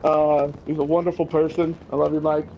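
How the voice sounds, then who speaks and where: A man's voice: a little high, level tone, a little fast, lo-fi sound, background noise. Easygoing man chatting over gunfire. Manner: easygoing, laughs often, rambling with fillers. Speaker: clan leader. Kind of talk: casual interview chat.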